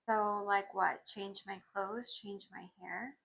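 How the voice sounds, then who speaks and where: A woman reading her journal notes aloud in a casual way, mixing questions and answers with quick asides. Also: medium pitch, steady tone, gravelly, fairly bright tone, breathy edge, low-quality recording.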